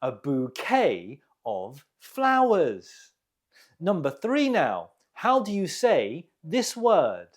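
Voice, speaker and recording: Slow, deliberate English teacher man. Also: a little high, wildly swooping pitch. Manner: slow, deliberate model pronunciation. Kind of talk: quiz lesson.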